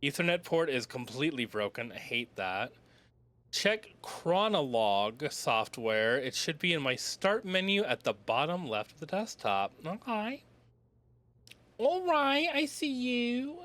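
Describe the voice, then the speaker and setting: A young male streamer offers casual let's-play commentary on a puzzle video game, rambling, swearing and muttering to himself over game music. His mid-range voice is a bit bright, with big pitch swings and a measured pace.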